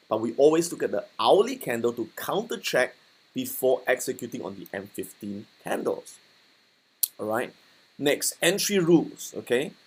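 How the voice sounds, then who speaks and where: Husky man teaching a casual lesson. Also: medium pitch. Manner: conversational, checks in with "okay" and "right". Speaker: forex trading instructor.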